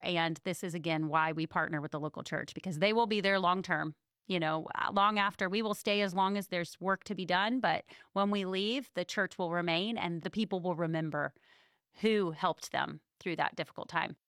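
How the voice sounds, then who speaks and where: A woman's voice: lowish voice, normal speed, fairly bright tone, dry recording, clean studio sound. A woman hosting an interview, speaking in an affirming, reflective way. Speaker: podcast host.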